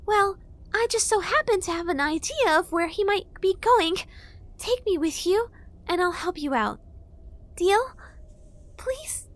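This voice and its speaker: Audiobook fairy: a woman doing a pushy young girl sprite, stammering and sarcastic, pitched up high. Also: lively intonation, measured pace, long pauses. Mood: pushy, flustered. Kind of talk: audiobook character voice.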